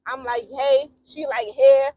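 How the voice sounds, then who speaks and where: A young woman in casual conversation, telling a story with animated delivery and laughing as she acts out the voices of others. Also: sits high, fast talker, no room sound, dull audio. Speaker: interview guest.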